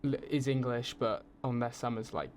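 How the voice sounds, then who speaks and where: A man's voice: medium pitch, normal speed, a little mellow, slight background noise. A young British man, a film student, chatting casually as a podcast guest, laughing often and restarting his sentences. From United Kingdom. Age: young adult.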